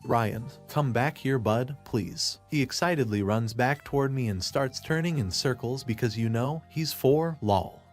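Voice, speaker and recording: A man narrating a first-person story in a plain, steady way. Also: mid-range voice, unhurried, hardly any pauses, soft background music.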